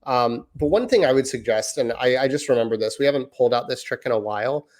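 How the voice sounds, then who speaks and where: In a casual parenting chat, a thirty-something podcast co-host muses at length in hedging, meandering sentences. He speaks fast and animatedly, in a mid-range voice with a darkish tone.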